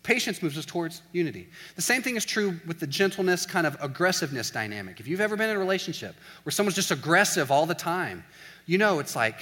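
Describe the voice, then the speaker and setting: A college pastor preaching in a relaxed, conversational way, animated, acting out everyday scenes and saying "like" a lot. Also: male voice, a little high, fast talker, big-room sound. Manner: animated, acts out little scenes in quoted voices, says "like" often. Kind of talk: casual conversational sermon.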